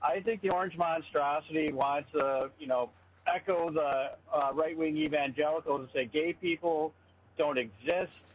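A man's voice: a little high, moderate pace, slightly rough, highs cut off. A man calling in to a talk radio show, ranting in an opinionated, rambling way. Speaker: caller. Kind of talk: phoned-in political rant.

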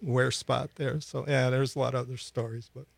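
A man from Milwaukee, a bass player guest, telling stories in a relaxed way with many fillers in a casual radio interview. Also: normal speed, gravelly, no echo. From Milwaukee, USA. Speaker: bassist guest.

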